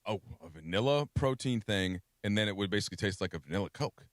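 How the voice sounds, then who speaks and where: A man's voice: lowish voice, expressive, fast talker, no room sound. A man talking sports on a radio show in a studio, conversational and often restarting his sentences. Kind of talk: casual sports radio discussion.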